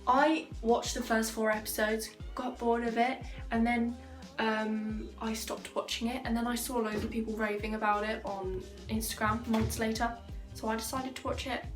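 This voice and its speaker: A woman's voice: on the high side, little pitch movement, normal speed. Chatty young woman, roomy sound. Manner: rambling and chatty, many fillers, joking asides. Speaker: vlogger. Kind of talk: casual chat to camera. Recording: roomy sound from a distant mic, faint music behind.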